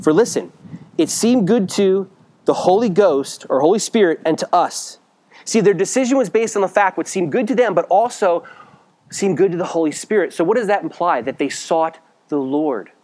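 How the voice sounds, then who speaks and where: Conversational middle-aged preacher man. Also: darkish tone. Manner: conversational preaching with rhetorical questions, dropping to a low serious voice. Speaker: pastor. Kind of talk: sermon.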